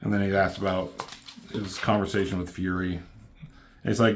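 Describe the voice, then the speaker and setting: A man's voice: sits low, level tone, normal speed, long pauses. A man casually recapping and reviewing a comic book, loose and profane, reading out the characters' lines in a slightly raised voice.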